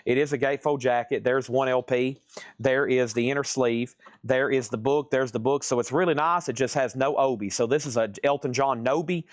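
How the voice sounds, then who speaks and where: A man hosting a live-streamed record sale, rattling off titles, prices and conditions in quick auction patter. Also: mid-range voice, dry recording, studio quality. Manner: rapid-fire listing of prices and conditions.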